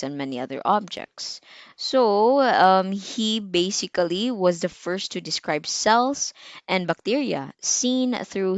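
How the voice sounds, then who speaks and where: A young woman with a Filipino accent gives a recorded lecture in a low voice. She talks slowly and chattily, with many fillers and little asides, and now and then quizzes her students. The sound is dry and close. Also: no room sound. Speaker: medical technology teacher.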